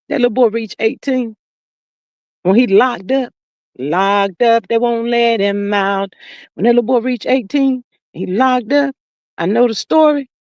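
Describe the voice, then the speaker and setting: Animated woman ranting on a livestream. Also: no echo, highs cut off. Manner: animated, exclaiming, swings between loud outbursts and low murmurs. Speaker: livestream host. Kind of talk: casual livestream commentary.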